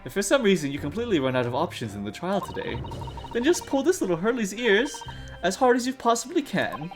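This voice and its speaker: A man voicing a sweet, cheerful young girl in an eager, high-pitched falsetto, reading from a game. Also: big pitch swings, a little fast. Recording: game music playing under voice.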